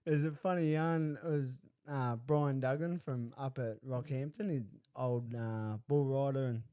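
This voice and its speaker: A man's voice: medium pitch, fairly even intonation, unhurried, clear, resonant tone, dry recording, highs cut off. A man hosting a podcast in easygoing chat, chuckling along with his guest. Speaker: podcast host. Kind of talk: casual chat.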